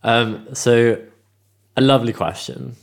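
A woman's voice: rumbling low, steady tone, slow pace, vocal fry. A woman co-hosting a podcast from London in casual chat, laid-back with dry humor. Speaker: podcast co-host.

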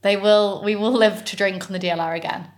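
A woman's voice: medium pitch, steady tone, fairly quick. A young woman with a British accent co-hosting a podcast in casual chat, laughing often and saying "like" constantly. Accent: British English. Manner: chatty, laughs often, heavy filler "like". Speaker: podcast co-host.

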